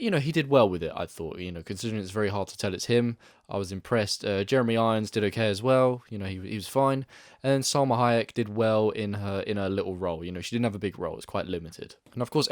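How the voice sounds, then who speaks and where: A man with a somewhat low voice talks through his thoughts on a film in a loose, conversational way. He wanders and restarts his sentences often. The sound is dry, with no room echo. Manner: chatty, rambling, frequent self-corrections. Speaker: film reviewer. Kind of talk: casual spoken movie review.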